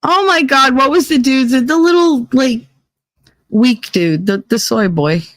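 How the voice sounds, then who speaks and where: A woman's voice: high voice, measured pace, dry recording. A woman hosts a live show, talking to her listeners in a loose, confessional way. She swings into blunt, foul-mouthed sarcasm. Her voice is close and dry, with no room sound. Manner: profane, sarcastic ranting; candid and confessional. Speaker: podcast host. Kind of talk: casual chat to a live audience.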